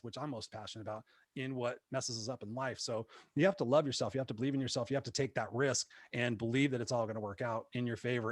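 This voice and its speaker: A man, a motivational speaker, telling his life story in a casual interview, animated and acting out the voices of people he quotes. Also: mid-range voice, no echo, clean studio sound. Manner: animated, acts out quoted voices, many fillers.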